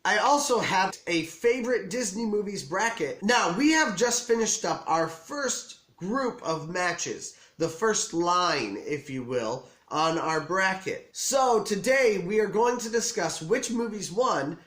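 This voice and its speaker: A man with a hoarse, scratchy voice from being sick, hosting his own channel in a chatty, self-deprecating vlog style. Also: high voice, a bit bright, roomy sound. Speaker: channel host. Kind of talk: casual vlog commentary.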